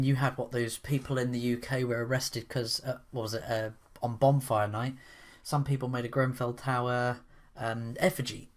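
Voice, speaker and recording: A man giving opinionated commentary in a rambling, sarcastic way, full of restarts and asides. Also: mid-range voice. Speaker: commentary vlogger.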